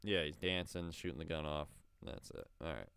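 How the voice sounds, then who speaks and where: A man's voice: extremely low pitch, moderate pace, creaky, fairly bright tone, a little hiss or hum. A man hosting a reaction video, talking casually with exasperated, profane remarks and laughing asides.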